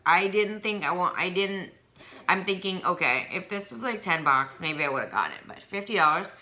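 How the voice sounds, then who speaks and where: Chatty young mom, bright voice. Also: female voice, lowish voice. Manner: chatty, rambling with many ums and likes. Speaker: vlogger. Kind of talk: casual haul vlog.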